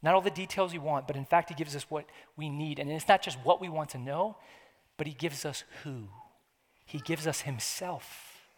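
A man preaching a sermon, his voice sitting high for a man. He talks earnestly and conversationally, circling back to repeat phrases for weight. The sound carries a long hall reverb. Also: moderate pace. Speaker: pastor.

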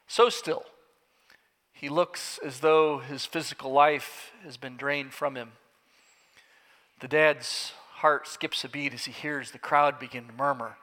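Brief: a male preacher narrating emphatically, bright-toned, with a long hall echo. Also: mid-range voice, steady tone, unhurried. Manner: vivid, swelling, emphatic. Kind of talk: dramatic sermon storytelling. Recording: echoey hall.

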